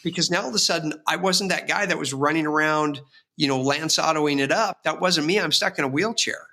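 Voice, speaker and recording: A man's voice: a little high, a little fast, pushed and bright. A man, a real estate agent guest on an interview podcast, telling rambling, vivid personal stories with frequent restarts. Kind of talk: casual storytelling interview.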